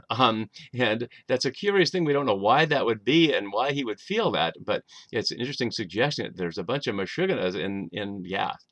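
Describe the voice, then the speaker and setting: A man's voice: fairly low pitch, lively intonation, brisk, a bit bright, no echo. A man lecturing on a Bible passage, thoughtful and explanatory, with frequent fillers. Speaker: Bible teacher. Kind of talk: lecture on scripture.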